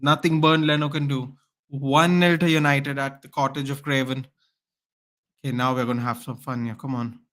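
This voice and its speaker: A man's voice: mid-range voice, little pitch movement, normal speed, fairly bright tone. A man hosting a live football watchalong, calling the play as a partisan fan and chatting with viewers. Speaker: watchalong host.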